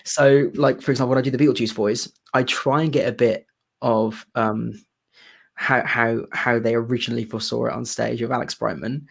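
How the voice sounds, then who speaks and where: A man's voice: mid-range voice, flat delivery, a little fast, gravelly. Guy chatting on a live stream, keeps restarting sentences, easygoing. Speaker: theatre singer and channel host. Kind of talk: casual live chat.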